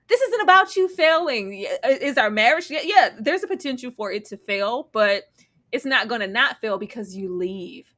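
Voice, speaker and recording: A woman's voice: fairly high pitch, lively intonation, moderate pace, a bit bright. A woman co-hosting a TV review show, chatting casually and animatedly, often laughing and exclaiming.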